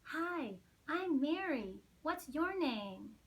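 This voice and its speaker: A bubbly, squeaky little penguin girl, high-pitched and gushing with excitement, as a woman reading aloud puts her on. She chatters on eagerly in a storybook voice. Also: drawn-out words, full character voice. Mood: excited.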